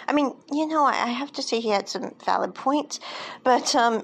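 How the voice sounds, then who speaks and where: Woman, slightly high voice, casual plot retelling, rambling, filler-heavy asides. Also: moderate pace. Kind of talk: casual film plot recap.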